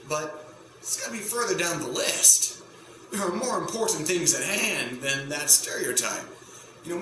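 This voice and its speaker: A male stand-up comedian talks to camera in a bright, forceful voice, often cutting himself off and circling back to his point. The sound is roomy and echoey, and a faint hum runs under it. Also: medium pitch. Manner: rambling, self-interrupting, provocative. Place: home setup in front of a green screen.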